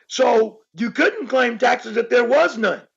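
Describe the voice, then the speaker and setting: A man co-hosting a casual talk show, explaining his points emphatically and repeating them for stress, with a raspy voice. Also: very high-pitched, slow pace, a bit bright, dull audio. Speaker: co-host. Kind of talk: casual podcast discussion.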